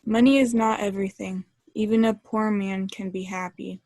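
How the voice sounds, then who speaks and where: A woman reading the part of a gloomy young woman in a flat class read-through, dropping at the ends of lines. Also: medium pitch, moderate pace, dry recording, lightly acted. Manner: monotone line reading, drops at line ends.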